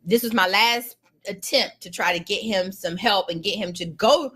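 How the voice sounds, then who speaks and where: A middle-aged woman, a lawyer telling a personal story in an animated, emphatic, colloquial way. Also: medium pitch, normal speed, slightly rough.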